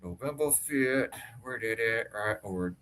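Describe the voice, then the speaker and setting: A man's voice: medium pitch, animated, unhurried, a bit bright. A man co-hosting an investing show, joking over stock charts in a teasing, mock-brash slang voice.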